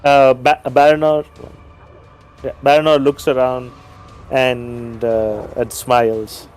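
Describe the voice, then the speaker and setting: A man playing a tabletop game, chatting casually and hesitating over fillers as he describes his turns. His voice sits at a middle pitch, and soft music plays in the background. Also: level tone, slow pace. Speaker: player.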